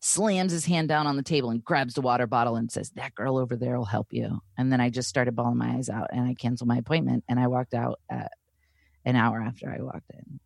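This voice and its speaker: A woman's voice: rumbling low, fast talker, creaky, dry recording, clean studio sound. A woman in her thirties telling a personal story in casual chat, acting out the voices of the people in it. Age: 30s. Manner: animated, acts out quoted voices while retelling.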